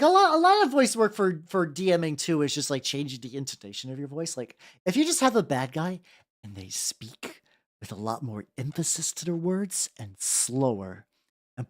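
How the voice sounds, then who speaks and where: A young man streaming as a VTuber, rambling casually as he paints miniatures. His pitch swings up and down as he talks, and he keeps restarting sentences. He jokes about himself in an easygoing way. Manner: rambling, self-deprecating, lots of restarts and fillers. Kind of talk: casual chat while painting.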